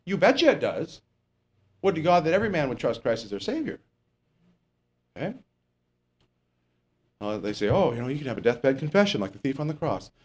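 A man preaching a sermon in a conversational way, asking the congregation questions and correcting himself as he goes. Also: mid-range voice.

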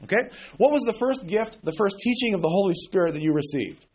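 A man's voice: sits high, expressive, brisk, husky. A man preaching an informal sermon, blunt and sarcastic, with folksy asides. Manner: mocks emotional prayers in exaggerated voice.

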